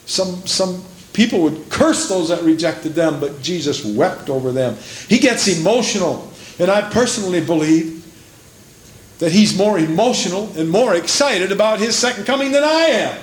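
A man preaching a sermon from the pulpit, moving between low, measured passages and high, fervent stretches, and reading scripture in old-fashioned English. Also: expressive, reverberant, slight background noise. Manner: reads scripture in King James English. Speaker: pastor. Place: church sanctuary.

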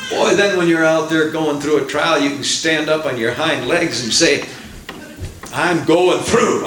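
Folksy preacher in an echoey church. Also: male voice, on the high side, distant mic. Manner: animated, swells into excited outbursts, folksy fillers. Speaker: pastor. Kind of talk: sermon. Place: church sanctuary.

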